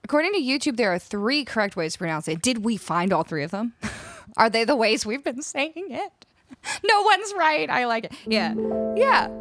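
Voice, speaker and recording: A woman's voice: fairly high pitch, big pitch swings, normal speed, fairly bright tone, faint music behind. A woman from Canada, streaming and chatting casually with her live viewers, laughing often as she muses over how words are said. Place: home streaming room. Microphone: studio microphone up close.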